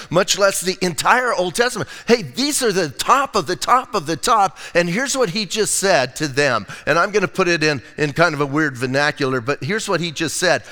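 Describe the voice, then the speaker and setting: A man preaching a sermon as pastor, in a casual, lively way with slang asides. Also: sits high, in a large hall.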